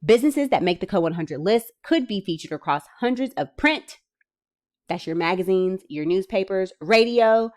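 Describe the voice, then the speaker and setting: A woman reading out grant details and breaking in with chatty, excited commentary for her viewers. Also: mid-range voice, normal speed. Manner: enthusiastic, chatty asides, bursts of excitement. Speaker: small business funding vlogger.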